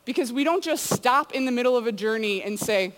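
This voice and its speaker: A woman's voice: a little high, expressive, a little fast. A woman giving a casual sermon to students, telling stories in a chatty way full of "like" and "you know". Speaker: youth speaker. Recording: long hall reverb.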